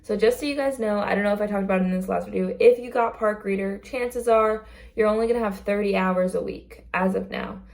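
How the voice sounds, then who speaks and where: A young woman talks to camera in an easygoing, earnest way, leaning on "like" and "um" as she goes. Her mid-height voice carries a gentle gravelly fry at the ends of phrases. She sounds like a casual vlogger sharing stories from her job. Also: mid-range voice, fairly quick. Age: young adult. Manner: chatty and earnest, many fillers and likes. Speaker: theme park greeter on a college program. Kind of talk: casual vlog talk.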